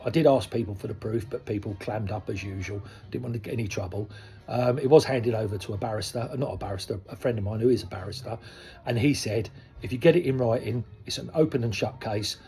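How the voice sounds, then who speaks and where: An older man in his sixties speaks to his viewers in a loose, rambling way. His voice is mellow and low in brightness, and his talk is candid and conversational. Faint soul music plays in the background. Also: fairly quick. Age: 60s. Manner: conversational, frank, rambling with asides. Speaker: koi dealer. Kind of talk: casual talk to camera. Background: soft soul music.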